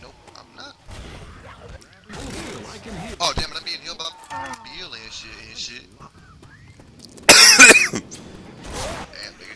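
A man chatting and swearing loudly while playing a co-op zombie shooter, often shouting in panic. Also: on the high side, wildly swooping pitch, slow, long pauses, very noisy. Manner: loud, swearing, yelling in panic. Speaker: gamer. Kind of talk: casual co-op gaming chat.

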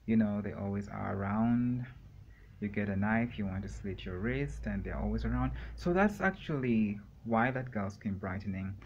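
A man talking alone in a room for a rambling solo vlog, meandering and halting with many fillers and pauses. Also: fairly low pitch, highs cut off, a little hiss or hum. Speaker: vlogger.

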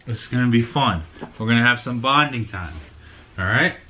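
A man's voice: medium pitch, moderate pace, bright, forceful tone, a little hiss or hum. A young man vlogging casually and slipping into playful baby talk with his dog. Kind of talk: casual vlog chat.

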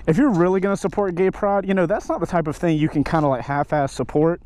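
A man's voice: sits high, steady tone, quick pace, a little mellow. A young man vlogging casually with a friend outdoors by their motorcycles, joking and swearing a lot. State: out of breath. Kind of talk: casual banter while riding. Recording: noisy outdoor ride audio.

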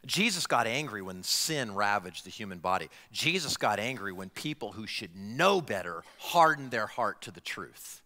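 A man preaching a sermon as pastor, talking in an animated way and putting direct questions to his congregation. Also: fairly low pitch, moderate pace, hardly any pauses, big-room sound. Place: church sanctuary.

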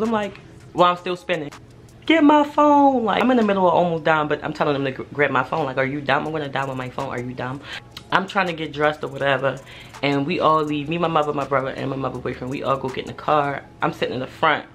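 A young adult woman telling a personal story in a casual vlog, animated and slangy, swearing freely. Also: sits low, slight background noise. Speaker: vlogger.

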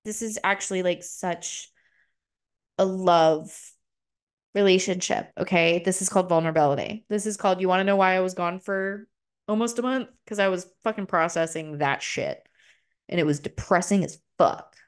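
A young adult woman hosting a solo podcast, talking openly and emotionally and swearing freely, her voice jumping up high when she gets excited. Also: moderate pace, smooth. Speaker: podcast host. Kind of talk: solo confessional podcast talk.

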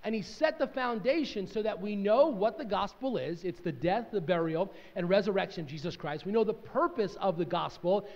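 Middle-aged male pastor, high voice, energetic sermon delivery; dull recording with long church-hall echo. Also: normal speed, hardly any pauses. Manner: energetic, joking, swings from loud to quiet. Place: church sanctuary.

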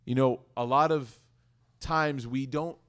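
A man giving a lively sermon to a community audience, talking conversationally and telling stories. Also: mid-range voice, slow. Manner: conversational, animated, addresses audience directly. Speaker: religious community speaker.

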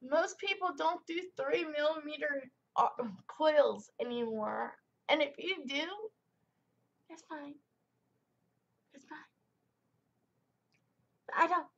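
A woman's voice: high-pitched, slow pace, gravelly, long pauses, muffled recording. A young woman rambling through a casual product review vlog in a chatty way, full of fillers and tangents.

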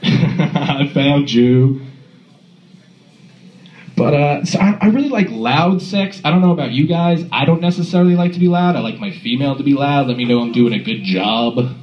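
A man doing a crude, animated stand-up set in a comedy club, recorded on a phone from the audience. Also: medium pitch, moderate pace, roomy sound, dull audio. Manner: crude, animated storytelling with acted-out voices. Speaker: stand-up comic.

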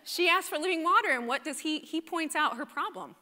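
A woman preaching a sermon at a church service, animated and conversational, often checking in with her listeners. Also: sits high, fairly quick. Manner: animated, conversational, asks the congregation "right?". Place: church sanctuary. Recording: church hall reverb. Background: congregation responding.

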